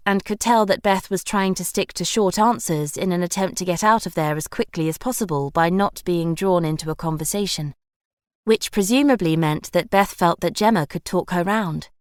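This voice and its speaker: A woman narrating an audiobook in an even, measured scripted read. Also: fairly low pitch, no echo, studio quality.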